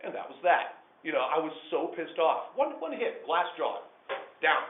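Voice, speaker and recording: A man telling a true story to a small group of listeners, animated, swinging between hushed and loud. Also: on the high side, moderate pace. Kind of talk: live personal storytelling to listeners. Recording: echoey room over a tinny phone-like line.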